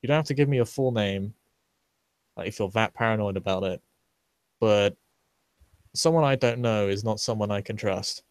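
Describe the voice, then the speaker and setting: A man's voice: lowish voice, moderate pace, pauses often, no room sound, voice pushed down, lightly acted. A man voicing a guarded male leader who talks bluntly and warily in a tabletop game. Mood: wary. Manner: blunt, wary, curt. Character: guarded male leader of displaced folk, stern.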